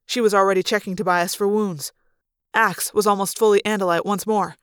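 A woman reading a novel aloud in an expressive first-person narration. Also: mid-range voice, a little fast, clean tone, no echo, clean studio sound. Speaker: audiobook reader. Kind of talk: fan read-aloud narration.

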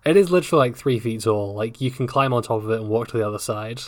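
Sardonic English-accented man, co-host, sweary deadpan delivery, dry close sound. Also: mid-range voice, fast talker, dry recording. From England. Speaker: podcast co-host. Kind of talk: casual book discussion chat.

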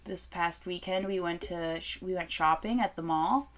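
A young adult woman with a lowish voice and moderate pace co-hosts a beer-review show. She chats casually and lively, telling stories and swearing freely.

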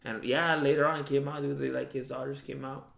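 A man's voice: medium pitch, flat delivery, fairly quick, vocal fry, a bit bright. A young man telling rambling, profane stories in casual chat. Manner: profane, rambling storytelling with slang and Spanish quotes. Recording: echoey room.

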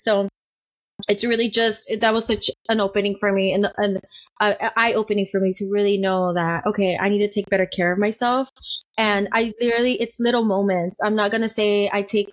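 A woman's voice: mid-range voice, fairly even intonation, a little fast. A young woman guest talking openly in a podcast interview, chatty with lots of restarts and fillers. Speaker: podcast guest, business owner. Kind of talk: candid interview storytelling. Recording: dull lo-fi sound.

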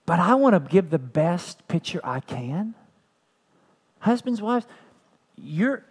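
A man's voice: fairly high pitch, a little mellow, breathy edge. A man preaching a sermon as pastor, earnest, repeating phrases and building to emphatic peaks.

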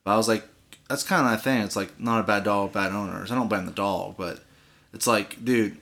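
Bright-voiced man telling a rambling story. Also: on the low side, a little fast, gravelly. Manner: rambling, profane storytelling with many restarts. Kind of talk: casual chat.

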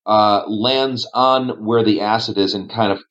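A man's voice: fairly low pitch, steady tone, measured pace, a bit bright. A man narrating a tabletop game as game master, describing scenes with frequent fillers. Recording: dull lo-fi audio.

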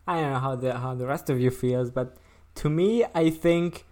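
A podcast co-host with a mid-pitched voice who rambles, restarting sentences and stumbling over words in casual chat. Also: moderate pace, a little mellow.

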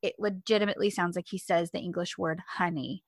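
A giggly woman in casual chat about a TV episode, quick to laugh. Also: lowish voice, fairly even intonation, dry recording. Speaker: podcast co-host.

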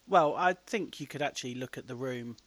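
A man's voice: mid-range voice, a little fast, a bit bright, no echo. A man co-hosting a casual wrestling podcast, joking dryly and laughing often. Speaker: wrestling promoter and podcast co-host.

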